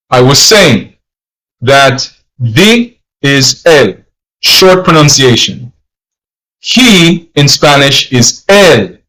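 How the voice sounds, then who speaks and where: A man's voice: medium pitch, a bit bright, low-quality recording. A man teaching a live-streamed language lesson, patiently explaining and repeating phrases in Spanish and English.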